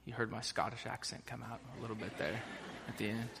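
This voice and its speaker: A man's voice: lowish voice, level tone, moderate pace, fairly bright tone, a little hiss or hum. A young American man preaching a sermon as pastor, casual, chatty and enthusiastic with lots of fillers. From United States. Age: young adult. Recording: long reverb of a large hall.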